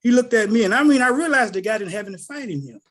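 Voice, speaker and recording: He talks fast in a very high voice: a middle-aged man on a group call telling personal stories. Animated and theatrical, he acts out the quoted voices of the people involved in this casual spoken testimony from a call participant.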